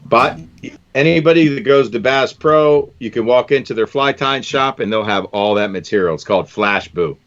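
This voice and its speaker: A man's voice: medium pitch, normal speed, fairly bright tone. Chatty guy tying fishing lures on a live stream, keeps saying man, kinda dull lo-fi audio. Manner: chatty, enthusiastic, says "man" often. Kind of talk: casual live-stream chat.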